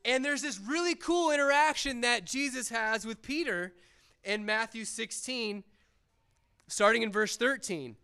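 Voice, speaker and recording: A man's voice: extremely high pitch, a little slow, bright, forceful tone, clear, resonant tone. A man giving an earnest, conversational sermon to teens, retelling scripture in everyday words.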